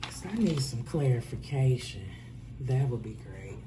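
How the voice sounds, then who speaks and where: A woman giving a casual, profane tarot reading, swinging between loud outbursts and low muttering. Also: lively intonation, measured pace, background noise. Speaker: tarot reader.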